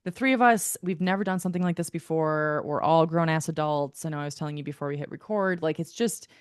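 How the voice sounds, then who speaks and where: A woman co-hosting a podcast, telling a story in a lively, casual way, full of "like" and the odd swear. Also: low voice, quick pace, clean tone, dry recording, clean studio sound. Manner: animated storytelling, filler-heavy, swears. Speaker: podcast co-host. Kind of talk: casual chat.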